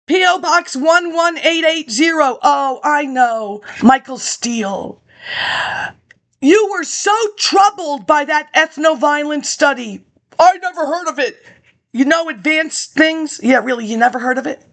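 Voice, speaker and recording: High-pitched rambling woman. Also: expressive, unhurried, fairly bright tone. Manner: rambling, jumps between topics, sarcastic asides. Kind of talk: rambling monologue, reading papers aloud.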